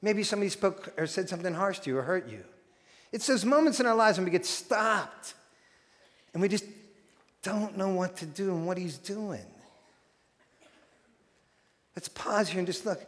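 High-voiced man preaching in a reverberant hall. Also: normal speed, long pauses. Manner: animated, acts out quoted voices. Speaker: pastor. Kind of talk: sermon.

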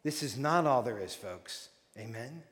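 A man preaching a sermon as pastor, animated and acting out quoted voices. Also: mid-range voice, measured pace. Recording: long hall reverb.

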